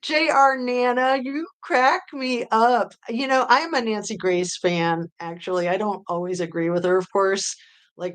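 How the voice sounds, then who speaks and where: A woman with a somewhat low voice talks loosely to her live viewers. She rambles, fills her pauses with ums and uhs, and reads out comments as a true crime host. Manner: chatty, rambling with many fillers. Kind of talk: casual chat with live chat readers.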